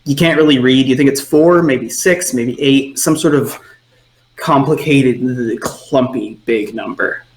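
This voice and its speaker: A man's voice: mid-range voice, a little slow, reverberant. A man narrating a tabletop game as game master, in a loose, filler-heavy way.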